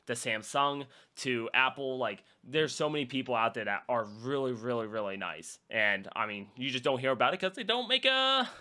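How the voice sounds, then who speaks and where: A man's voice: medium pitch, pushed and bright. A young man co-hosting a podcast, talking casually and animatedly, swearing freely and breaking into mocking voices. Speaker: podcast co-host.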